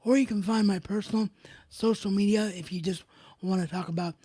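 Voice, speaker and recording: A woman's voice: medium pitch, steady tone, brisk, dark tone, slightly rough, dry recording. A woman hosting a live solo review of a wrestling show, enthusiastic and fond of repeating emphatic words.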